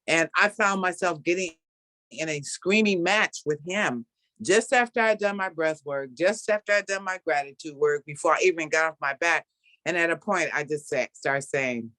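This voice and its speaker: A middle-aged woman hosting a casual video call chat, speaking warmly about a spiritual practice and laughing often. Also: on the low side, normal speed, no echo. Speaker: host.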